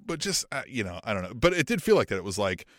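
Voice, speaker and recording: Animated man on a wrestling podcast. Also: lowish voice, fast talker, dry recording, studio quality. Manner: animated, swears freely, acts out wrestlers' lines. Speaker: podcast co-host. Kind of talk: casual chat.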